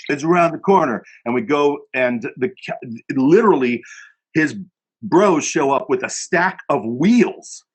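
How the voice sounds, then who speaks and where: Husky man rambling through tour memories. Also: mid-range voice, expressive, unhurried, low-quality recording. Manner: rambling, repeats phrases, acts out quotes. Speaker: band member. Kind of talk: casual storytelling among bandmates.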